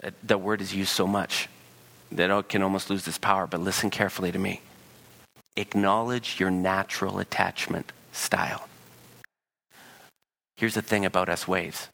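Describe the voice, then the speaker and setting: A man preaching a sermon as pastor, animated and acting out voices in the dialogue he quotes. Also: low-pitched, normal speed, creaky, pauses often.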